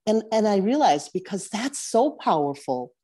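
A woman's voice: mid-range voice, very animated, mellow, breathy edge. A woman in a spiritual study group, speaking earnestly and searching for her words. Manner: earnest, searching, halting restarts. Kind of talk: casual spiritual discussion.

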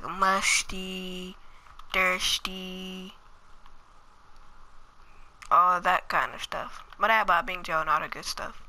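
A woman's voice: on the low side, pushed and bright, slight background noise, rough recording. A woman giving casual, slangy gameplay commentary, chatting to viewers and muttering asides to herself as she plays. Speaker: gaming channel host.

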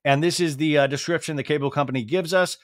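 A man's voice: fairly high pitch, steady tone, quick pace, no echo, studio quality. A man hosting a comedic TV recap podcast, talking in a sarcastic, riffing way. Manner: sarcastic, riffing, jumps into silly impressions. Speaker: podcast host.

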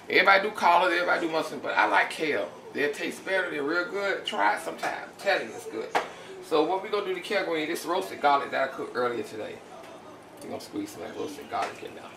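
A tired home cook hosts a casual cooking demo for his channel from his own kitchen, chatting folksily and calling viewers "y'all." His voice is a little high and gravelly, fast with lively intonation, recorded from a distance in an echoey, noisy kitchen.

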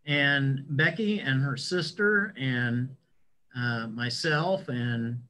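A man leading a church study group, speaking in a slow, affirming way. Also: medium pitch, bright, forceful tone, low-quality recording. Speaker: discussion leader.

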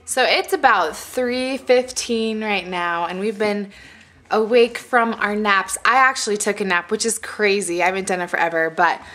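Soft-spoken young mom, chatty. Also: female voice, mid-range voice, moderate pace. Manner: chatty, often soft and hushed. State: tired, unwell. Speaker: mom vlogger. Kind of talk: casual home vlog chat. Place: family home, basement playroom.

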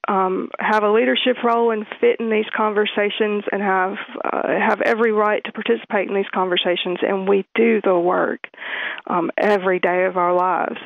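A woman's voice: mid-range voice, gravelly, no echo. Southern woman on a tinny phone line. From American South. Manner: hesitant, many ums. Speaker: interviewee. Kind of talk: casual interview.

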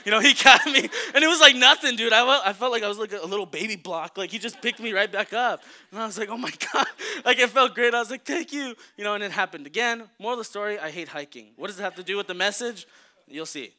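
Bright, high-voiced young male preacher. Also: quick pace. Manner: casual and joking, lots of fillers. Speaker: youth preacher. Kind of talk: storytelling sermon.

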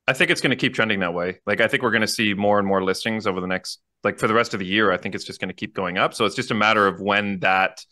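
A quick-talking Canadian man co-hosting a podcast, with a bright, forward tone. He chats casually and laughs at his own stumbles. The recording is dry and close. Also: on the low side, dry recording. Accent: Canadian English. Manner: fast, chatty, jokes and laughs at own slips. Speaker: podcast co-host, realtor. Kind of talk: casual chat, reading news aloud.

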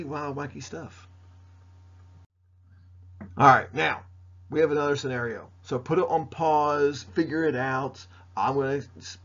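A man's voice: mid-range voice, creaky, a bit bright. A man teaching a recorded history lesson to students, playful and jokey, talking straight to them. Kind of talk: recorded mini lecture. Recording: dull lo-fi recording.

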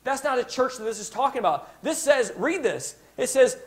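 A man's voice: extremely high pitch, sing-song, normal speed, fairly bright tone. A man preaching a sermon as pastor, emphatic, stopping to restart phrases and asking his congregation "Amen?".

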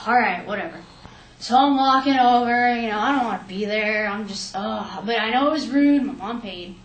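A young woman telling a personal story in an animated way, acting out what people said. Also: fairly high pitch, normal speed, few pauses, recorded from a distance. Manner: lively, animated retelling with quoted asides. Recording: echoey room, faint ambience.

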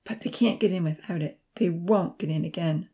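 A woman's voice: on the low side, normal speed, mellow, close to an everyday voice. A woman reading the lines of an earnest young female nurse in a storybook, speaking with heartfelt sincerity. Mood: thoughtful.

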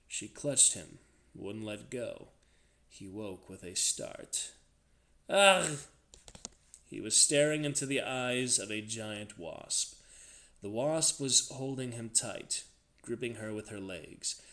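A man reads a tense novel aloud with a dramatic, expressive delivery. His voice sits at an ordinary middle pitch, rising and dropping with the action of the story. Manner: dramatic, varied expressive reading. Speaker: reader.

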